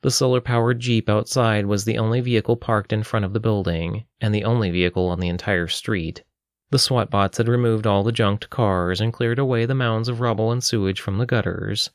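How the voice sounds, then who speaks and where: A man narrating an audiobook in a steady, even storytelling manner. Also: on the low side, brisk, no echo, clean studio sound.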